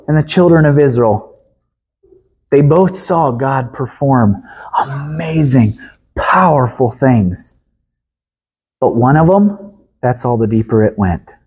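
A man preaching a sermon in an emphatic way, swinging from loud to hushed and chuckling at times. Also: medium pitch, breathy edge.

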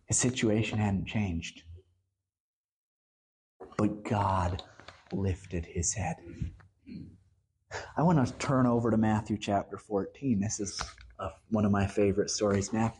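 A preacher delivering a sermon in an earnest, emphatic way, slowing down to stress the key lines. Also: mid-range voice, darkish tone, slight background noise.

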